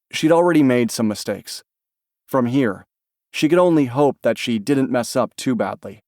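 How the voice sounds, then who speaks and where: A man reading a novel aloud as an audiobook narrator, in a calm, even storytelling manner. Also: mid-range voice, no echo, studio quality. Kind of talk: scripted narration.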